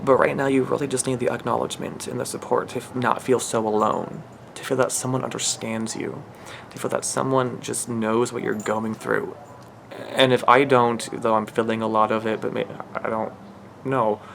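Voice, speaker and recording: A man's voice: mid-range voice, little pitch movement, normal speed, creaky, fairly bright tone, slight background noise. A man giving a channeled spiritual reading in an emotional, earnest way, rambling and restarting his sentences. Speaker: spiritual reader.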